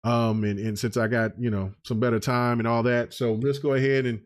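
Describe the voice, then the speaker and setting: A man's voice: mid-range voice, little pitch movement, brisk. A man hosting a gaming podcast in loose, rambling casual chat, full of filler phrases. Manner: loose and rambling, full of "you know what I'm saying". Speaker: podcast host.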